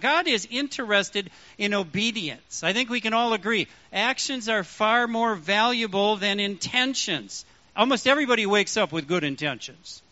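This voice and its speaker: Bright-voiced preaching man, high and lively. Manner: animated, acts out quoted voices. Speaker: pastor. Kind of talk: sermon. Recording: dull lo-fi sound.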